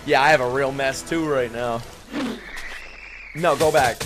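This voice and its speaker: A young man giving a live reaction to an anime, excitable and profane, with bursts of laughter. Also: medium pitch, unhurried. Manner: excitable, swearing, laughing outbursts. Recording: show audio and music behind. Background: anime soundtrack music.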